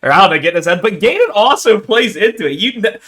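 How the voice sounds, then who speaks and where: A young man in casual podcast chat, animated and giggly, swearing now and then. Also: sits high, fast.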